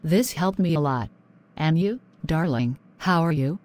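A woman voicing an affectionate young newlywed wife in a cartoon, speaking gently. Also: sits low, lively intonation, measured pace. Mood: loving.

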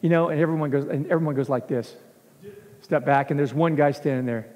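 A man preaching as pastor, telling a story in an animated way and acting out the scenes in a church. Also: on the high side, a little fast. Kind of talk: sermon storytelling. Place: church sanctuary. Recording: long church hall reverb.

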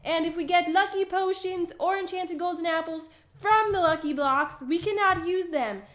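Giggly female co-host, very high voice, playful game chat, echoey room. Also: moderate pace, a bit bright. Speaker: gaming co-host. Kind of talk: casual gameplay chat.

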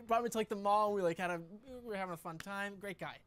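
Fast-talking young man telling a story. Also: high voice, a bit bright. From New Hampshire. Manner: fast, filler-heavy storytelling. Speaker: guest. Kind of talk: casual interview chat.

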